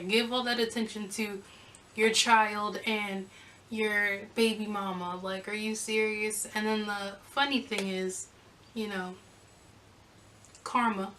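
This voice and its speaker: A young woman vlogger telling a casual storytime, sassy and animated as she acts out the back-and-forth. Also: mid-range voice, takes it slowly, recorded from a distance, slight background noise, low-quality recording.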